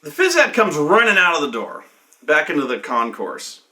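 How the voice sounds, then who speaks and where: A man spins a story about a game he ran, his bright, ringing voice swooping up and down as he goes. He swears freely and keeps restarting sentences, with the loose pacing of an unscripted anecdote. The slightly high pitch adds to the excited feel. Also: moderate pace. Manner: animated, profane, rambling with many restarts. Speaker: game master telling a table story.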